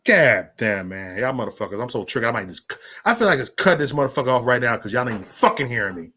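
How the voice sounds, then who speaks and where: A man's voice: mid-range voice, sing-song, fast, bright, forceful tone, breathy edge. A man hosting a livestream, ranting angrily and profanely at his critics, stammering and repeating himself as he reads the chat. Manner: profane, heated, repetitive, stammers into restarts; reads out live chat comments. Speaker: livestream host. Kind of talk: angry livestream rant.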